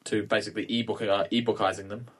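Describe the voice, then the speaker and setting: A man co-hosting a podcast, chatting casually and tossing in deadpan quips. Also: fairly low pitch, quick pace. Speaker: podcast co-host. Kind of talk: casual chat.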